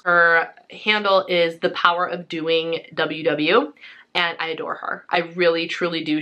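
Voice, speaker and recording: With a lowish, sharp-toned voice, a young woman rambles cheerfully in her food vlog. She's chatty, uses lots of fillers, and sounds slightly winded.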